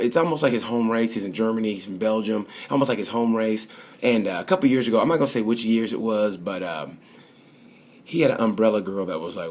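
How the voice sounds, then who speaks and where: A man rambling through a casual race review, chatty and full of restarts. His voice is low and noticeably husky. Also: darkish tone. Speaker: motorsport vlogger.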